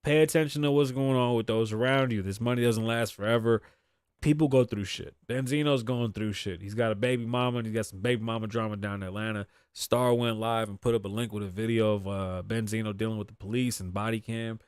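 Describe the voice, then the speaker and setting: A man's voice: lowish voice, steady tone, fairly quick, darkish tone, clear, resonant tone, no room sound, clean studio sound. A man from Boston hosting a casual solo commentary show, reading news aloud and riffing on it bluntly with lots of profanity. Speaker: show host.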